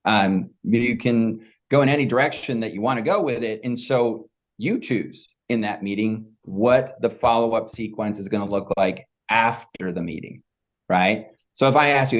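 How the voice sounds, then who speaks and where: A man's voice: on the low side, normal speed, lo-fi sound. A man as a podcast guest, explaining methodically step by step and checking in with the listener. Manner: methodical, step-by-step, keeps asking "right?". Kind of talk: casual podcast interview.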